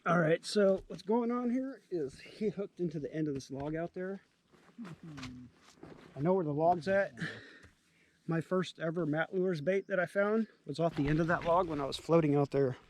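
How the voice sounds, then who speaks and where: A man in his forties from California talks in a fairly high voice, self-mocking and chatty as he wades out into a pond. The outdoor sound carries a faint hiss of background noise. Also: normal speed, a little mellow, rough recording. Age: 40s. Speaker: fishing vlogger. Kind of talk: casual outdoor chat. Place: outdoors at a pond, wading and swimming.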